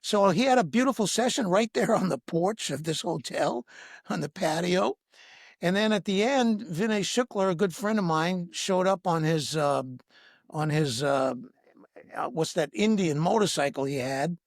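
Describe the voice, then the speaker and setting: A man's voice: sits high, moderate pace, gravelly, no echo, studio quality. A man, a breathwork teacher and podcast guest, telling a personal story and acting out the dialogue. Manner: lively anecdote with acted-out dialogue. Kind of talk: storytelling in conversation.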